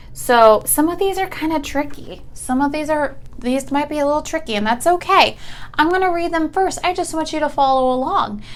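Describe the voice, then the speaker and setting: A young woman teaching a phonics lesson to children over video, speaking patiently and enunciating each sound clearly. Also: sits high.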